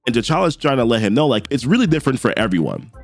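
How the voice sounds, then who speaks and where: A man casually recapping a comic book, paraphrasing characters' lines with animated asides. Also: mid-range voice, quick pace, gravelly, no room sound, soft background music.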